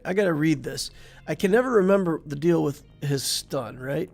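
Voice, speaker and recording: Gravelly-voiced man commentating a game. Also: on the high side, normal speed, few pauses, soft background music. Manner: thinks aloud while playing, relaxed and chatty, talks to the viewer. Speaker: game channel host. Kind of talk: casual gameplay commentary.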